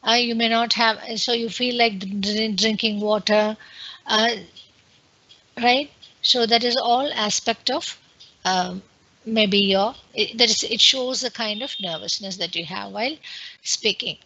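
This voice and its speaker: A woman's voice: on the high side, measured pace, pushed and bright, muffled recording. A woman with an Indian English accent giving an online webinar lecture in an explanatory way, with many fillers and restarts. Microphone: computer mic on a video call.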